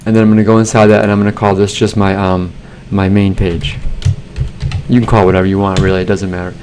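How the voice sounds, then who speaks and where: A man, a teacher talking students through a software assignment in a relaxed screencast with plenty of fillers. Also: lowish voice, quick pace, slight background noise. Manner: relaxed, plain instructions with fillers.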